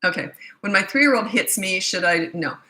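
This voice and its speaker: A woman's voice: medium pitch, moderate pace, rough recording. A middle-aged woman, a parenting coach, giving casual advice and acting out what she and her kids said. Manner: animated, acts out quoted voices. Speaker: parenting coach answering questions.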